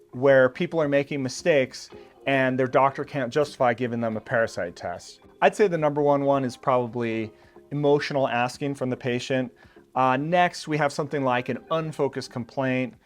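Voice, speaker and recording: A man's voice: medium pitch, moderate pace, soft background music. A man talks to his viewers in an easygoing, conversational way, with a mid-range voice and the odd "uh" and "you know". He explains step by step, like a channel host giving practical tips, and he pumps up the energy when he acts out what a patient might say. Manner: conversational and reassuring, with loose fillers; acts out quoted patients with sudden emphasis. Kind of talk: casual explainer to camera.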